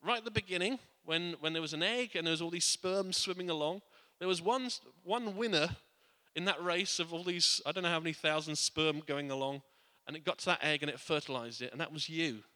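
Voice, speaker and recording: A man preaching in a church, his voice very bright and forward, with a long reverb ringing around the hall. He speaks earnestly, often restarting and repeating words, and sinks quiet and soft on his reflective points. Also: on the high side, fairly quick, hardly any pauses. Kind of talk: sermon.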